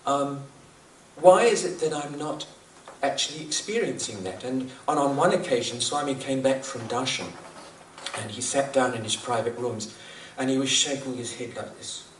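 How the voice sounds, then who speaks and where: This earnest New Zealand man, mid-range in voice and moderate in pace, reflects on spiritual teachings, often repeating himself and chuckling at his own humor. The echoey recording, made far from the mic, has a little hiss or hum.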